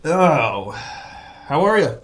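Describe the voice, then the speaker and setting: A man's voice: fairly high pitch, very animated, takes it slowly, a bit bright, slight background noise, full character voice. A man playing a laid-back, money-minded male therapist in an improvised comedy sketch, asking dry, probing questions. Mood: deadpan.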